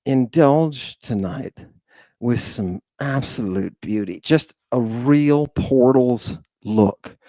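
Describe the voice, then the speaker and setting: A man hosting a lecture in a dramatic, rambling style, calling out "people" again and again. He talks slowly and draws out his points. The sound is close and dry, with no room echo. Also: mid-range voice, dark tone. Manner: dramatic, rambling, keeps addressing the audience as "people". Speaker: lecture host. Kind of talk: theatrical livestream lecture.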